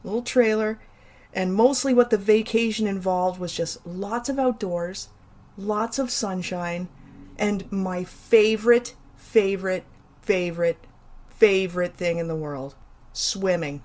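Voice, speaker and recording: A woman's voice: medium pitch, measured pace. Chatty woman telling a personal story. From Canada. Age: middle-aged. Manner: chatty and animated, with playful emphasis and asides. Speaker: podcast host. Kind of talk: casual personal storytelling monologue.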